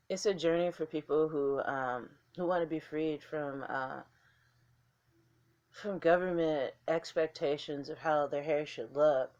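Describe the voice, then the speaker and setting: A woman's voice: low voice, darkish tone, highs cut off. A woman vlogger talking casually to camera in a blunt, candid way, swearing freely.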